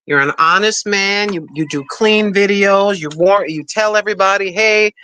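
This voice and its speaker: Brief: woman from Puerto Rico hosting a livestream, bright and forceful voice, excited and effusive. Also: medium pitch, normal speed, slight background noise. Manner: excited, effusive, repeats herself. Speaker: livestream host. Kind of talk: casual livestream chat.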